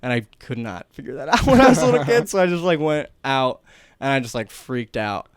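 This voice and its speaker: A man's voice: mid-range voice, very animated, a little fast, smooth, dry recording, studio quality. A man from northern New Jersey telling rambling stories in casual podcast chat, often laughing mid-sentence. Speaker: podcast guest.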